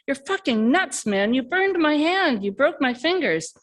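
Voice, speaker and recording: A woman reading a story aloud, voicing an angry young man who argues, swears and shouts. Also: sits high, lively intonation, unhurried, exaggerated voice. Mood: heated.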